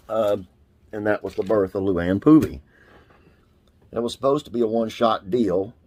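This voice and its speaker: A man's voice: sits low, a little mellow. A man hosting a classic TV trivia channel, reading an article aloud in a casual way with frequent "uh" fillers.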